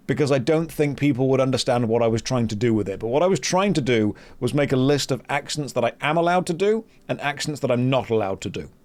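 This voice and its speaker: A man's voice: medium pitch, a little mellow. A British man chatting casually and joking while streaming a game. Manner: joking, rambling. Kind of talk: casual gameplay chat.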